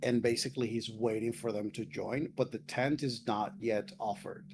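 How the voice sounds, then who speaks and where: A man playing a tabletop role-playing game, deliberately laying out his character's stance and actions in detail. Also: on the low side, fairly even intonation, creaky, noisy background. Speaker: player.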